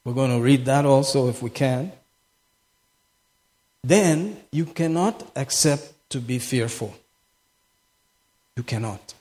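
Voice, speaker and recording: A man's voice: medium pitch, slow pace, long pauses, a little mellow. A man preaching a sermon as pastor, impassioned and repeating phrases for emphasis. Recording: echoey hall with long reverb.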